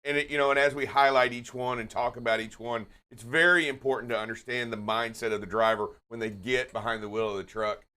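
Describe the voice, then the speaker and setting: Emphatic, jokey man, mid pitch, trucking-show co-host. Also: fairly even intonation, quick pace, hardly any pauses. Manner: warm-hearted, emphatic, jokey. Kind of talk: casual live-stream chat.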